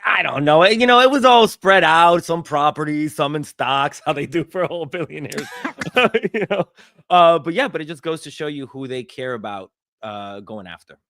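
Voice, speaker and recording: Man guest, talkative comedian, fairly high voice, dry studio sound. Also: expressive, moderate pace, pushed and bright, no room sound. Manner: conversational, quotes others in put-on voices. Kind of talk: casual chat.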